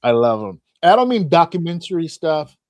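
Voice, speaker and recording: A man's voice: on the high side, moderate pace, dry recording. A man hosting a podcast, telling funny stories in casual chat and acting out voices, laughing often. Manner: animated storyteller, acts out voices, laughs often. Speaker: podcast host.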